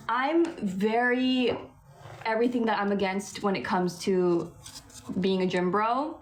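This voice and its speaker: A woman's voice: medium pitch, measured pace, a little hiss or hum. A young woman from Vancouver with a West Coast Canadian accent, chatting casually on a livestream and answering viewer comments, laughing often and saying "like" a lot. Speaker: livestream host.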